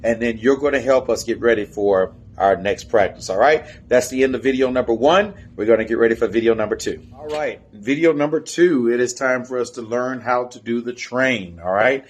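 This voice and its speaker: In an instructional video teaching drills, a man coaches a step team, counting and chanting the beat as he demonstrates. His medium-pitched voice is brisk, with few pauses.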